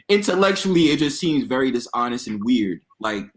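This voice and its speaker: A man's voice: medium pitch, big pitch swings, moderate pace. A man on a podcast panel, talking in a laid-back, slangy way. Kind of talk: casual chat.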